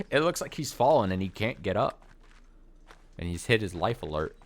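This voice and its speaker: A man's voice: fairly low pitch, sing-song, a little slow. A young man hosting a let's play, rambling and stammering in casual commentary. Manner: rambling, stammering, laughs often.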